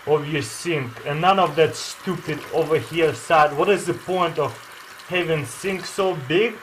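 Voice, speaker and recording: High-voiced man eagerly showing hacks. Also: unhurried, a bit bright, a little hiss or hum, rough recording. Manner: enthusiastic, loose non-native grammar; chats to his dog while filming. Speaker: vlogger demonstrating life hacks. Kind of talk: casual how-to demonstration.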